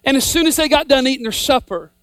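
A woman preaching in a high voice, recorded close and dry. She drives home a repeated refrain, building up to shouts. Her delivery is fervent and emphatic. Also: quick pace, dry recording. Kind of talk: sermon.

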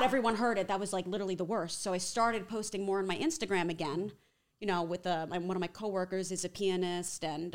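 A woman with a Long Island accent, a TV reporter guesting on a podcast, chatting in an animated way and laughing easily. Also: fairly low pitch. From Long Island, New York. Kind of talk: casual chat.

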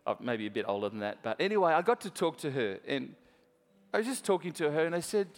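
An Australian man preaches in a church, telling a story in a chatty way and addressing the congregation directly. His voice is a little high with big pitch swings and a quick pace, and he restarts often. A long reverb tail follows his words.

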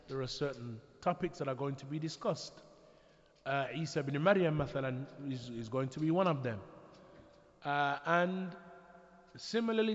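A man delivers a religious lecture in a slightly high voice. He talks in a measured way, pausing and restarting phrases as he thinks. The recording is dull and lo-fi, with a long hall reverb. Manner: measured, with frequent restarts and pauses. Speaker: Islamic preacher. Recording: echoey hall, dull lo-fi sound.

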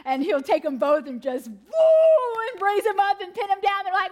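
A woman, preaching a sermon to mothers, swinging from laughing, animated stories to quiet, earnest points. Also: very high voice, moderate pace.

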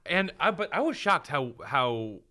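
A man's voice: fairly high pitch, very animated, unhurried, bright, forceful tone. A man chatting as a podcast guest, joking along in dry, crude banter. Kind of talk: casual crude chat.

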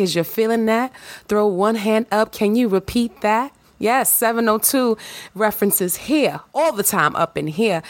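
A woman hosting her own podcast, talking to listeners in a lively, playful, hype-building way. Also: mid-range voice. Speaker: podcast host. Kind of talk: casual solo podcast talk.

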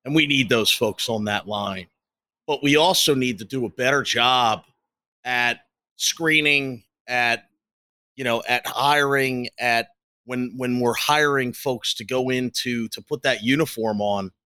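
A man's voice: medium pitch, a little slow, sharp tone, dry recording. A man speaking earnestly with frequent restarts as a guest in a political discussion. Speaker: panel guest.

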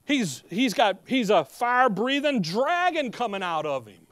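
A middle-aged man preaching a sermon in a folksy, animated way, reading scripture slowly and loudly between casual asides. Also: very high-pitched, dry recording.

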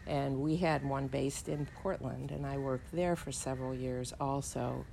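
Older woman, low voice, reflective interview guest, thoughtful and unhurried, recorded at home. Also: steady tone, gravelly, dark tone, a little hiss or hum, low-quality recording. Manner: measured and thoughtful, with frequent filler pauses. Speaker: interview guest, energy executive. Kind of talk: reminiscing interview answers. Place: living room of her home.

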